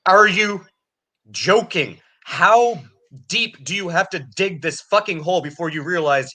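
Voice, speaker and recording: Man, high voice, bright tone, furious profane ranting, sarcastic. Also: animated, measured pace. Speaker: podcast co-host. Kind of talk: ranting political banter.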